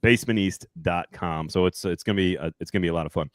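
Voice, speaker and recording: A man's voice: low-pitched, fast talker, dry recording. A man hosting a sports podcast, casual and rambling, often correcting himself mid-sentence. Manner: chatty, rambling, self-correcting. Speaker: podcast host.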